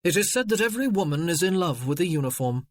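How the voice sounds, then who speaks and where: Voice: medium pitch, lively intonation, quick pace, dry recording, close to an everyday voice. A narrator reading the lines of a bitter young Regency army officer in a grim, sardonic, clipped way, close to the narration voice. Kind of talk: audiobook character reading.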